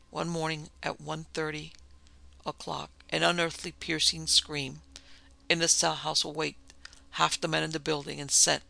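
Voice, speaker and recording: A man narrating a story in a steady, even delivery. His voice is gravelly and slightly high, very bright and forceful. The sound is dry and close.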